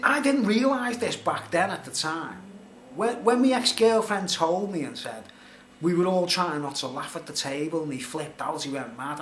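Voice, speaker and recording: Brief: middle-aged man, slightly high voice, rambling storyteller, echoey room with faint hiss. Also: a bit bright. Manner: rambling, filler-heavy, conversational. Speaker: vlogger. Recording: roomy echo, faint background noise.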